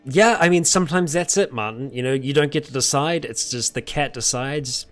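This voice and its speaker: A British man hosting a casual live-stream Q&A, chuckling often as he answers chat questions in a relaxed, rambling way. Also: mid-range voice, normal speed, faint music behind.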